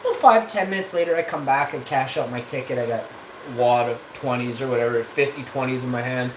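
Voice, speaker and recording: Dude rambling thru a story on stream, swears a lot, roomy echo and noise behind him. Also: male voice, mid-range voice, brisk. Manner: rambling, loose and profane. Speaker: live streamer. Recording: echoey room with background noise.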